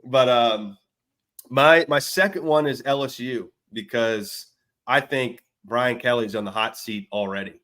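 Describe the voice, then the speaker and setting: A man's voice: mid-range voice, measured pace, a bit bright. A man co-hosting a casual football podcast, rambling and self-mocking, sometimes mimicking coaches and golfers. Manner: rambling, self-mocking, does mock voices. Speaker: podcast co-host. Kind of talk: casual sports chat.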